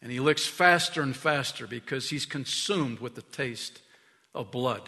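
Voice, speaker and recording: Pastor guy preaching, bright forceful voice, goes hushed then loud, church hall reverb. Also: mid-range voice, normal speed, vocal fry. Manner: emphatic storytelling preacher, swinging from hushed to loud. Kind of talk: sermon. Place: church sanctuary. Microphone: stage mic.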